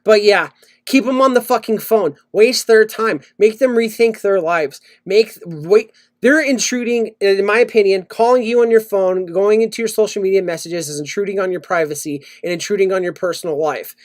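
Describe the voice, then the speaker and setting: A man's voice: high voice, moderate pace. A man co-hosting a casual podcast, ranting and swearing as he tells stories. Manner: ranting, swears a lot, animated storytelling. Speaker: podcast co-host. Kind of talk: casual profane chat.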